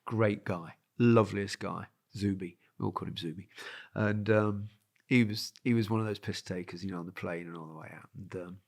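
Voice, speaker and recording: A man's voice: deep voice, steady tone, fairly quick, gravelly. A man in his sixties from England, a former footballer hosting a podcast, telling rambling anecdotes in casual chat. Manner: rambling anecdotal storytelling with laughs.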